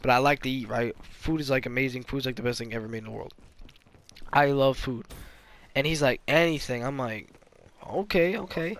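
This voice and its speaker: A young man rambling through a story while commentating his gameplay, animated and full of trash talk. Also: mid-range voice, brisk. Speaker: gaming YouTuber.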